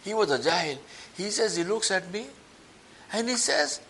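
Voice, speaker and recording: A man preaching a sermon as a story, acting out the people in it with lively shifts of voice. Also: normal speed, long pauses, breathy edge. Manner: animated, acts out quoted voices with rising pitch.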